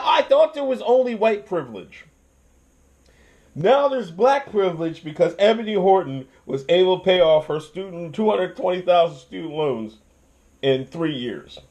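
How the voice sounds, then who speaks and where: A young man hosting his own channel, ranting in casual commentary with lots of swearing and restarts. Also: on the high side. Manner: profane, animated ranting with restarts and laughs.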